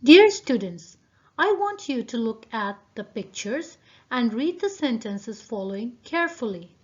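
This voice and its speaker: Woman, teacher, recorded lesson, slow and deliberate, muffled audio. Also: on the high side, very animated. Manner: slow, deliberate, addresses students directly. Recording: dull lo-fi video audio.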